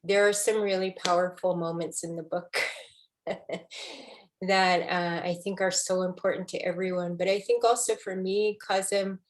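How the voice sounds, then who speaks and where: A woman poet in a book conversation, speaking emotionally and haltingly, with many restarts. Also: lowish voice, steady tone. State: tearful.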